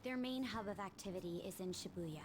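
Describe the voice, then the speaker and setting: An actress playing a stern teenage student council president in a video game, cool and commanding. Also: female voice, medium pitch, brisk, lightly acted, poor audio. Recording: game audio with music behind.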